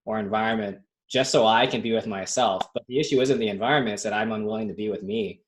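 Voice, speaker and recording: A man's voice: lowish voice, fast talker. A man in his thirties in a casual spiritual chat, reflective and rambling, full of fillers.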